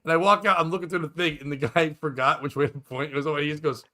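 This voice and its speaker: Male comic podcast host, rambling storyteller, bright and pushy tone. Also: fairly high pitch, fast. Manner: rambling, animated storyteller acting out quotes. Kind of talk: casual storytelling chat.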